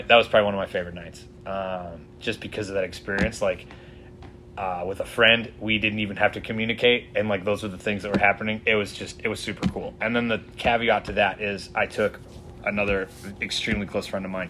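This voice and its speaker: A man's voice: lowish voice, steady tone, brisk, bright, forceful tone, slight background noise. A man who guides fly fishing, telling stories casually in a podcast interview, rambling with many fillers.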